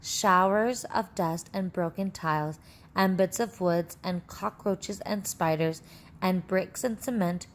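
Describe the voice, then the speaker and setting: A woman reads a children's storybook aloud in a steady, expressive voice. Her pitch is on the low side for a woman, and she adds little comments of her own between passages. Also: slight background noise. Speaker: reader. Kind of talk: reading a children's book aloud with asides.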